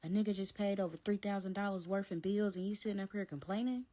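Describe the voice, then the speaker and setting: A woman's voice: mid-range voice, quick pace, warm tone, natural voice. Woman quoting a crude, controlling young swindler. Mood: hostile. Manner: aggressive, crude and dismissive.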